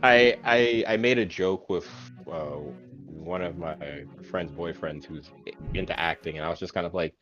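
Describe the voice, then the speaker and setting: A man's voice: low voice, steady tone, normal speed, a bit bright, lo-fi sound, soft background music. A man chatting as a guest dungeon master, telling stories animatedly and laughing a lot. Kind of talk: casual roundtable chat.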